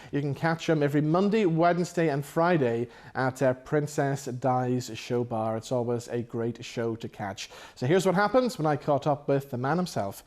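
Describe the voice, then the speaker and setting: A man's voice: mid-range voice, darkish tone, no echo. Man hosting a TV chat show. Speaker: TV show host. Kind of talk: broadcast interview.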